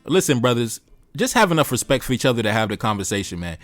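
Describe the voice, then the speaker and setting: A man delivers a preachy, repetitive commentary straight to his viewers. He talks quickly and hammers his points home. His voice sits dry and close, with no room sound. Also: mid-range voice, sing-song, fairly bright tone, no echo, faint music behind. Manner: emphatic, repetitive, lecturing. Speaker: commentary channel host. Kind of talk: preachy direct-to-camera commentary.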